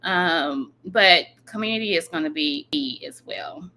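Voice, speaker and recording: A woman's voice: on the low side, measured pace, bright, forceful tone, a little hiss or hum. A woman guest and educator on a podcast, speaking earnestly about raising children and agreeing emphatically. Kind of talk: casual podcast conversation.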